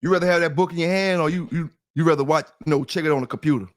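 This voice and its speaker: A middle-aged man with a slightly high voice races through casual livestream chat, rambling, repeating himself and speaking directly to listeners. The clean studio recording has no echo.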